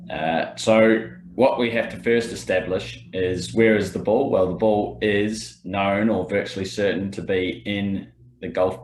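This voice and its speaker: A man co-hosting a podcast, calmly explaining rules step by step. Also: deep voice, a little hiss or hum. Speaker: podcast co-host and rules expert. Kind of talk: casual podcast chat, explaining. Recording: roomy echo.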